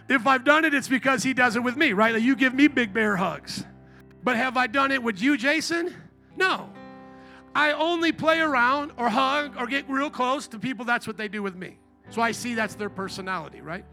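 A middle-aged pastor preaching in church, full of playful, animated storytelling. His voice sits high and sounds bright and gravelly. Soft instrumental music runs faintly beneath the sermon. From Indiana.

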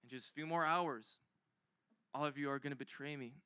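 A man playing a calm, sorrowful male teacher who speaks softly and gravely. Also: a little high, a little fast, dry recording, pitched below the performer's own voice. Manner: soft, grave, steady.

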